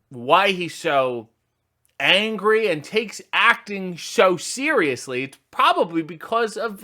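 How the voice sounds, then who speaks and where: Sarcastic man with a bright, sharp voice. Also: high voice. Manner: sarcastic, mocking, deadpan asides. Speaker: host reacting to a movie trailer. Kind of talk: comedic trailer commentary.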